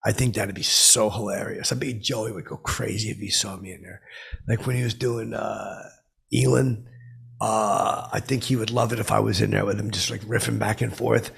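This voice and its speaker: In full character voice, a man portrays a brash, lonely, clueless oddball for a comedy podcast, telling a rambling story packed with fillers and restarts. His gravelly, husky voice is fairly low, fairly even in intonation, and moderately paced.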